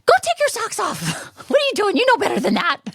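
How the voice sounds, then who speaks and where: A woman voicing a brisk, bossy female boutique owner who scolds in a high, sharp voice. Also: lively intonation, creaky, husky, dry recording, clean studio sound, heavily acted. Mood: scolding.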